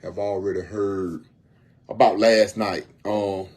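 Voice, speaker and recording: A man with a low, husky voice speaks on a casual livestream from home. He talks earnestly and circles back, repeating his phrases as he goes. His tone stays plain and personal. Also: steady tone, slow, darkish tone. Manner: earnest, repeats himself often. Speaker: homeless outreach volunteer.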